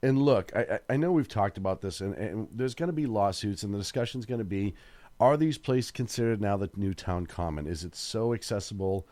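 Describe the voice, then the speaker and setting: A man with a low voice co-hosts late-night talk radio. He stumbles through fillers and restarts on his way to firm opinions, recorded close and dry. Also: lively intonation, brisk, a little mellow, no room sound. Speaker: radio talk show co-host. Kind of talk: casual talk radio discussion.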